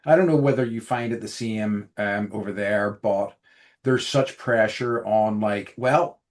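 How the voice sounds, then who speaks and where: A man's voice: lowish voice, measured pace. A man hosting a podcast, opening the show and chatting in an easygoing, supportive way. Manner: easygoing and supportive, with short encouraging replies. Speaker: podcast host. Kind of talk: casual chat.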